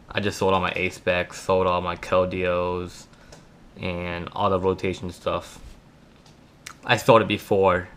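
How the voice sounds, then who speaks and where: A man's voice: low-pitched, fairly bright tone. A man from Florida with a lisp, talking casually and hesitantly with lots of ums as he walks through a card game deck. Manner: talks fast, hesitant with ums. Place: home room at night.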